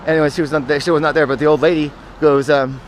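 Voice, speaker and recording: A man's voice: a little high, level tone, quick pace. A man telling personal stories in a casual, meandering monologue, often correcting himself and drifting into asides. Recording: outdoor traffic noise.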